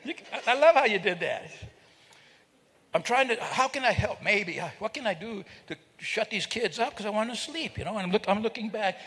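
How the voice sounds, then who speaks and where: A man's voice: high-pitched, expressive, fairly quick, a bit bright, breathy edge. An older man telling a funny story to a live audience, joking and teasing people in the crowd. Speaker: speaker at a celebration. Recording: reverberant hall.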